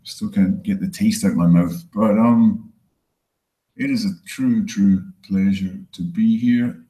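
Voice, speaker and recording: A man from Scotland with a Scottish accent softened by years in Canada, performing a rambling, self-deprecating stand-up set and swearing freely. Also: fairly low pitch, measured pace, echoey room, poor audio. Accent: Scottish, with some Canadian. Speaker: stand-up comedian.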